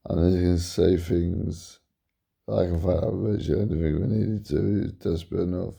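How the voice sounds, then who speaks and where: A man's voice: steady tone, moderate pace, gravelly, mellow, husky. A tired man rambling in a meandering, repetitive monologue to camera, yawning now and then. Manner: meandering, repeats himself, sudden pitch jumps. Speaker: vlogger.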